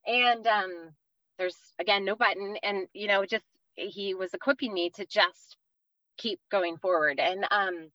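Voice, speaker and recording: Woman in her 30s from the east coast, earnest faith story on a podcast, lots of ums, crisp bright voice. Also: mid-range voice, measured pace, no echo, highs cut off. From East Coast of the United States. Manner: earnest storytelling with many fillers, acting out quoted voices. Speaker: podcast guest. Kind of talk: personal faith story in an interview.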